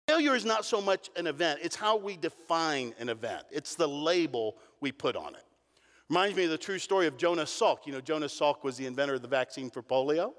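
A middle-aged man preaching a sermon as a pastor, telling the story with emphatic repetition and lively build-ups. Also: a little high. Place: church sanctuary. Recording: long reverb of a large hall.

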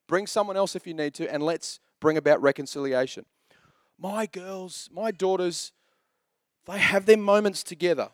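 Lively high-voiced joking male pastor. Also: a little slow, no room sound, clean studio sound. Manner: chatty, joking storyteller. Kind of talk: sermon.

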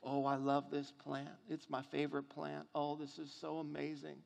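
A man's voice: high-pitched, sing-song, takes it slowly, fairly bright tone, heavily acted. A male preacher voicing the sulking prophet Jonah, indignant and stubborn, in a reverberant hall. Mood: blissful.

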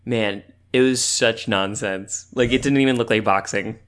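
A man's voice: lowish voice, normal speed, clean tone. Rambling, laughing man telling a story. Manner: rambling, animated storytelling with frequent fillers and laughs. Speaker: podcast co-host. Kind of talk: casual chat.

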